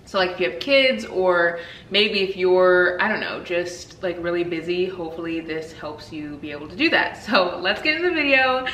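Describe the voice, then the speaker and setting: A woman in her thirties talks to camera in a relaxed, rambling book-vlog style. Her voice sits slightly low, and she fills her sentences with "like" and "literally" as she goes. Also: moderate pace, distant mic, slight background noise, low-quality recording. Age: 30s. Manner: chatty, fillers of "like" and "literally". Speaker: book vlogger. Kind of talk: casual chat to camera.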